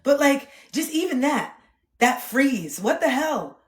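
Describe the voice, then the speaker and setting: A woman streamer telling personal stories frankly, swearing, dropping to hushed reflection and then bursting into loud laughing re-enactments. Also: high-pitched, sing-song, slow. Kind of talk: candid personal storytelling. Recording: echoey room.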